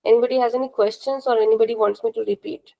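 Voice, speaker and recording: A woman teaches an online class in a slightly raised voice. She is patient and methodical, going over each rule again and asking students whether it is clear. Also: on the high side, steady tone, racing, dark tone, rough recording. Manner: patient, repeats rules and checks understanding. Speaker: language teacher. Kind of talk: live online class instruction.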